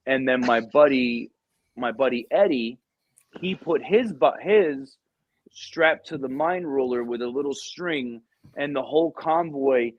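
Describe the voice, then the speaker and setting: A man's voice: mid-range voice, unhurried, dry recording. Man telling rambling war stories. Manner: rambling, profane, many ums. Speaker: podcast guest, Marine veteran. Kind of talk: casual storytelling. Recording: dull, dry lo-fi recording.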